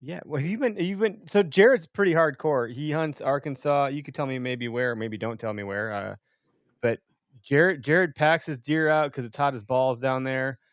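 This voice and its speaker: A man's voice: mid-range voice, moderate pace, dry recording, studio quality. A man hosting a podcast, talking casually in rambling, restarting sentences with casual swearing. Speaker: podcast host. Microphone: studio mic, call software.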